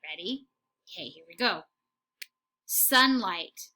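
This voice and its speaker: A woman teaching a phonics lesson to young children, speaking slowly and clearly and giving steady encouraging praise. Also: mid-range voice. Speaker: kindergarten teacher.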